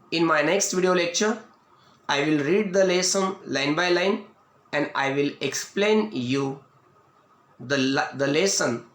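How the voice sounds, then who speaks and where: A man with an Indian English accent giving a video lecture as an English teacher, explaining slowly and restating each point. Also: a little high, a bit bright. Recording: echoey room.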